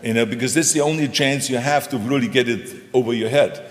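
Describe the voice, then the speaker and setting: Appearing as the onstage guest, a former governor, now an older man, talks quickly in a medium pitch. His folksy, emphatic style drives home short punchy lines, with the sound bouncing around an echoey hall.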